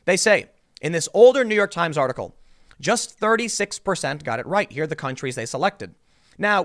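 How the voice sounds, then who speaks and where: A man's voice: high-pitched, fairly bright tone. A man hosting political commentary, talking casually and mocking his targets with sarcasm.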